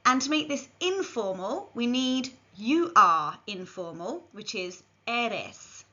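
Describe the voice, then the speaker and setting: Slow, bright-voiced woman teaching a language. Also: fairly high pitch, sing-song. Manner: slow, careful modelling of phrases for learners to repeat. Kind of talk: scripted language lesson. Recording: dull lo-fi recording.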